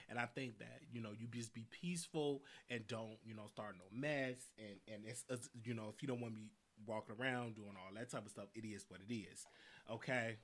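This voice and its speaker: A Southern-accented man at medium pitch hosts a live show. He spins a meandering tale in a relaxed, lively manner, often repeating lines and laughing throughout.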